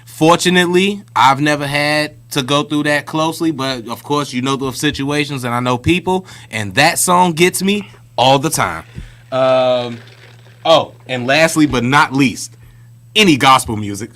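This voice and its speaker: A man's voice: on the high side, a little slow, a bit bright. A man co-hosting a podcast, telling stories in a chatty, slangy, casual way. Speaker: podcast co-host. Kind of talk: casual chat.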